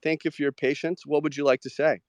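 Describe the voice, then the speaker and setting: A man hosting a live audio show, chatting casually about trading with many "like" fillers and quick agreeing murmurs. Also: fairly high pitch, little pitch movement, no echo.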